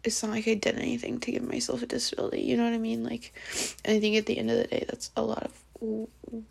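A tearful woman venting in a personal diary vlog, halting and dropping into near-whispers. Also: fairly high pitch, completely flat delivery, gravelly, darkish tone, husky. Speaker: diary vlogger.

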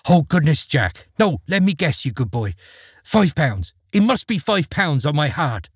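A shrill, fiery storybook mother who scolds in rapid outbursts, put on by a man. The voice sits high and leaps all over, with a husky edge, in a dry, close sound. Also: very animated, dry recording. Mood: eager. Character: shrill, scolding peasant mother, fierce-tempered.

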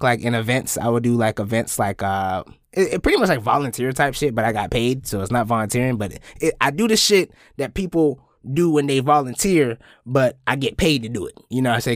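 Speaking close to the mic on his own podcast, a young man tells a story in a casual, profane way. His pitch swings widely into squeaky high bits, and the slightly bright, dry sound has no echo.

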